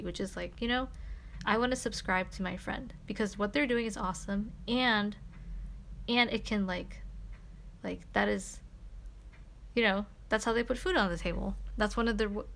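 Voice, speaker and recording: A young woman streamer telling a story in casual chat, animated and full of fillers like "like" and "you know". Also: medium pitch, moderate pace, creaky, a little hiss or hum.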